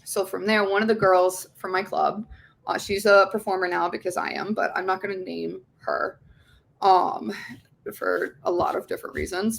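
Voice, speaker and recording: A young woman, appearing as an interview guest, gives candid personal testimony about her own story. Her medium-pitched voice is creaky, and she rambles emotionally, swearing often and restarting her sentences.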